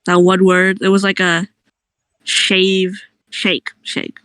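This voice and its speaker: A woman's voice: medium pitch, little pitch movement, takes it slowly, fairly bright tone, clean tone, no room sound. Woman, casual friend chat, dry recording, chatty and giggly. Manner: chatty, laughs often between lines.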